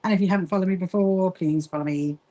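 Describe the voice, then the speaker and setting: Speaking fast in a fairly low, warm voice, a middle-aged woman comes through with lo-fi sound. She runs a casual sewing livestream, chatting and calling out viewers by name, and gets distracted easily; she also founded a quilting association.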